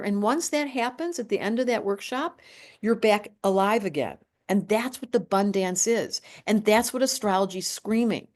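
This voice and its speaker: A woman in her late sixties, talking in a casual chat as an astrologer, animated and emphatic, often breaking off and restarting her sentences. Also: medium pitch. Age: 60s.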